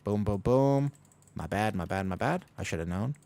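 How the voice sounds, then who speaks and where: Low-voiced man streaming games. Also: animated, moderate pace, a little mellow, clear, resonant tone. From United States. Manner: rambling, self-deprecating, jokey asides to chat. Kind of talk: casual gaming stream chat.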